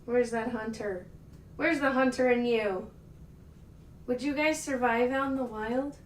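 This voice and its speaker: Hosting a livestream from home, a woman chats casually and playfully with her cats while welcoming her viewers. Her voice is on the high side and unhurried. The mic sits far off in an echoey indoor room, with slight background noise.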